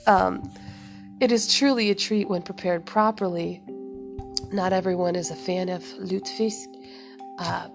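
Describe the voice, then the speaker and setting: A woman hosting a podcast, reading notes aloud with casual asides, halting with many ums and self-corrections. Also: on the low side, fairly even intonation, faint music behind. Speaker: podcast host.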